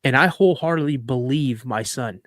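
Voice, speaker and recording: A man's voice: medium pitch, moderate pace, fairly bright tone, no room sound. Podcast host, middle-aged man, casual rambling storyteller who stumbles and restarts, dry close mic. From Minnesota. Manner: rambling, many restarts and stammers. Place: live podcast studio.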